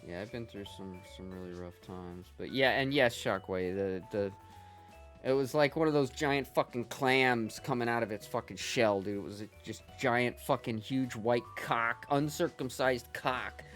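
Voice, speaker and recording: A man's voice: mid-range voice, normal speed, fairly bright tone, soft background music. A middle-aged man chatting casually with viewers on a gaming livestream, telling rambling, profane stories with many restarts.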